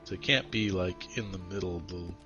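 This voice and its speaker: A man chatting casually while gaming with friends, swearing often and telling stories in an animated way. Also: deep voice, a little fast, dull audio, music in the background. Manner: profane, animated storytelling. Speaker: gamer playing with friends.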